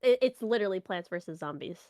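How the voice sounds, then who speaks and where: A woman's voice: medium pitch, animated, quick pace, warm tone, dry recording, clean studio sound. A young woman co-hosting a casual reaction stream, teasing and sarcastic, often laughing. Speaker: co-host. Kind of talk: casual live comic reaction.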